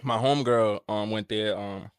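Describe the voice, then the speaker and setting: A man's voice: on the low side, steady tone, moderate pace, clear, resonant tone, dry recording, studio quality. A man hosting a casual podcast, laid-back with slang and hesitant fillers. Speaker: podcast host.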